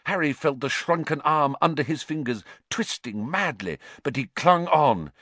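An audiobook narrator with a bright, mid-range male voice reads scripted narration slowly, with no room sound. His storytelling is measured yet expressive.

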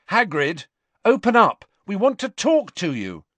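A man voicing an earnest, plucky teenage schoolboy wizard in an audiobook reading, determined and quietly defiant. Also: sits high, wildly swooping pitch, slow pace, no echo, voice pushed up, exaggerated voice.

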